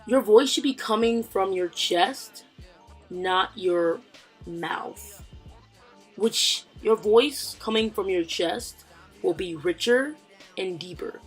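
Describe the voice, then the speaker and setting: A man casually giving advice in a vlog, rambling and joking with fillers and asides. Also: sits high.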